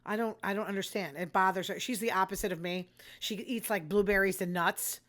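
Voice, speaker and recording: A woman's voice: medium pitch, brisk, fairly bright tone. An older woman, hosting a casual monologue in a blunt, rambling, self-deprecating way. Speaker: host.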